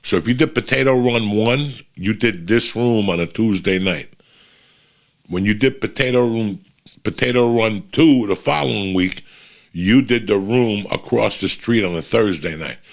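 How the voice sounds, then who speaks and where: Middle-aged guy with a low gravelly voice, swearing constantly, telling comedy road stories. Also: moderate pace. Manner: profane, animated storytelling. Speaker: comedian guest. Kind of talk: storytelling chat.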